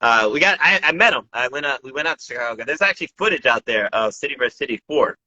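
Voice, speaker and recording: A man's voice: mid-range voice, expressive, quick pace, pushed and bright, dull audio. A man, a breakdancer, chatting casually in an interview, rambling with lots of restarts and slang. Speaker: breakdancer guest.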